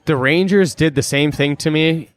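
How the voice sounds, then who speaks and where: Minnesotan man telling stories, smooth voice. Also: fairly high pitch, moderate pace. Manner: animated storyteller acting out quotes. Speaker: guest, pro hockey player. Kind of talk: casual storytelling chat.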